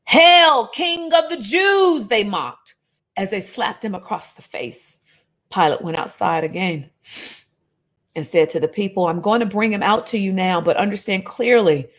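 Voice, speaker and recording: A woman preaching a sermon, reading scripture aloud with animated, conversational asides to her listeners. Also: lowish voice.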